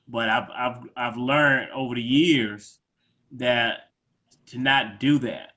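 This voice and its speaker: Relaxed male co-host, bright open tone, thoughtful chat. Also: mid-range voice, slow pace, highs cut off. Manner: laid-back, reflective, acts out quoted lines. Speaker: podcast co-host. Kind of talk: casual conversation.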